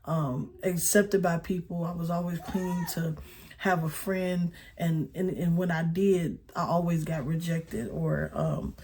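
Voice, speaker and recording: A woman in her thirties giving a personal testimony, speaking haltingly with many pauses and fillers. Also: on the low side, steady tone, darkish tone, husky. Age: 30s.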